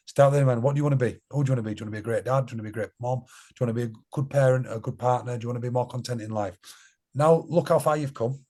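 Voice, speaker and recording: A man's voice: mid-range voice, a little mellow. A man speaking as a podcast guest in a blunt, earnest, casual way, often repeating phrases for emphasis. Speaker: podcast guest, charity co-founder. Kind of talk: casual conversation.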